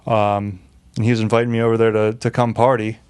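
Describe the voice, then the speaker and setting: A man's voice: lowish voice, level tone, brisk, a little mellow, clear, resonant tone. A man, a podcast guest telling rowdy stories in casual chat, swearing freely and laughing often. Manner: profane, laughing, acts out quotes in raised voices. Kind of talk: casual storytelling.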